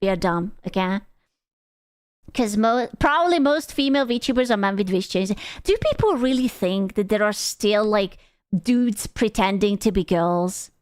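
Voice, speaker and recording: A woman's voice: medium pitch, normal speed, darkish tone, clean tone, no echo. A young woman streamer giving casual, rambling reaction commentary, swearing freely and sounding exasperated. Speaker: VTuber streamer.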